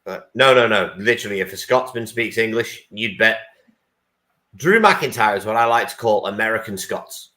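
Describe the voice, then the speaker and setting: A man's voice: on the low side, moderate pace, pushed and bright. A man co-hosting a wrestling podcast, chatting casually and with enthusiasm, swearing now and then. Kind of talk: casual chat.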